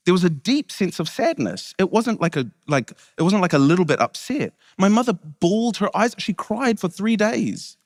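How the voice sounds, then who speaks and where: Lively New man telling jokes. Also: on the high side, studio quality. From New Zealand. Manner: joking, self-interrupting storytelling. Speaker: keynote speaker, comedian. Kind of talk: comic keynote speech. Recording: long hall reverb.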